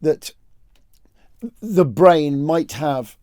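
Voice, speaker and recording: High-voiced rambling male podcast host. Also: extremely slow, no echo, clean studio sound. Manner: rambling, animated joke-teller. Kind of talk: casual storytelling chat.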